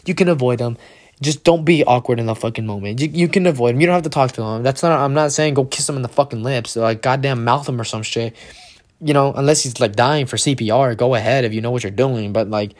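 A young man ranting casually and with much profanity, often mimicking people in mocking, higher voices. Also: quick pace.

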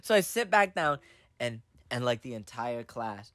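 A young man hosting a podcast, telling a story in casual chat, animated and full of restarts and laughs. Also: medium pitch, unhurried, no echo. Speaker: podcast host.

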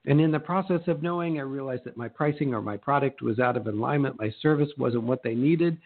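A middle-aged man coaching real estate agents in a motivational talk, lively and acting out little exchanges in shifting voices. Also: mid-range voice, fairly quick. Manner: animated, acts out quoted exchanges in changing voices. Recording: narrow phone-like sound.

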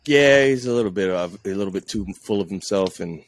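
Guy w a telling stories on a podcast, lively, doing high voices for quotes. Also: a little fast, dry recording. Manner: animated, acts out quotes in a high voice. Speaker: podcast guest, police social media officer. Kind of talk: casual storytelling chat.

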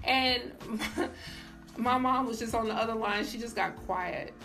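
A woman's voice: on the high side, unhurried, music in the background. A young woman giving a casual personal faith testimony, emphatic and filled with "like", as a show host. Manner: casual, emphatic, says "like" often. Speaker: faith vlogger.

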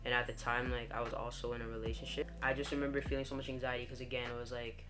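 A woman's voice: very deep voice, flat delivery, racing, over music. A young woman candidly telling a personal story in casual conversation, full of "like" and "you know". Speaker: guest telling her coming-out story.

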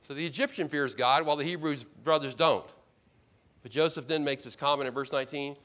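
A pastor preaching a sermon paraphrases the characters in a Bible story, his slightly high voice moving briskly. He swings between loud emphasis and quiet, hushed asides.

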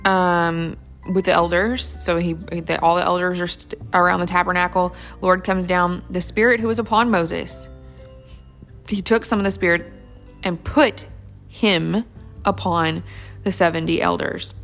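Gravelly low-voiced woman teaching scripture. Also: steady tone, a little slow, fairly bright tone, soft background music. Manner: chatty and enthusiastic, thinking aloud with fillers. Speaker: Bible study teacher. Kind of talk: casual Bible study commentary.

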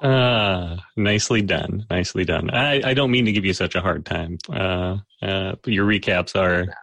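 A man running a tabletop game podcast as game master, talking casually and haltingly with many fillers and self-deprecating asides. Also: low voice, vocal fry, a bit bright, dry recording.

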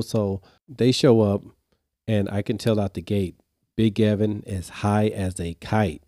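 Man, podcast host, low mellow voice, dry close sound, animated casual storytelling. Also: moderate pace, no echo. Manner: animated, exasperated retelling; speaks straight to listeners in slang.

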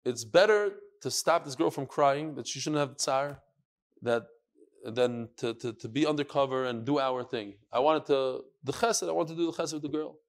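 A man voicing a humble, kind male rabbi in a retold story, speaking softly and earnestly. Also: medium pitch, moderate pace, lightly acted.

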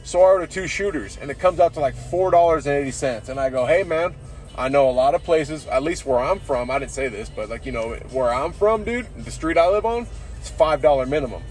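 A slightly high-voiced man rambles through a podcast monologue after a few beers, tipsy and loose. He swears freely and drops "dude" into almost every sentence. Faint music sits behind him. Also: expressive, brisk, darkish tone. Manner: profane, says "dude" constantly. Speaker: podcast host.

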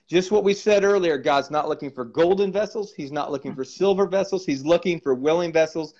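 A man's voice: a little high, a little fast, hardly any pauses, a little mellow, muffled recording. A man sharing a charismatic testimony with fervent emphasis, repeating words as he goes.

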